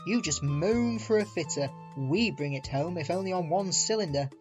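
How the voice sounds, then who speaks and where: A man voicing a cheerful, sharp-tongued small male tank engine in a storybook reading. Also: sits high, music in the background, close to an everyday voice. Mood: scolding. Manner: brisk and scolding.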